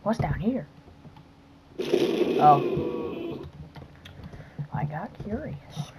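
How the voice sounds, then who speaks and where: A woman recording let's-play commentary who breaks into sudden excited yelps and mutters whispered asides under her breath. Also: mid-range voice, drawn-out words, heavy background noise. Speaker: gaming video host.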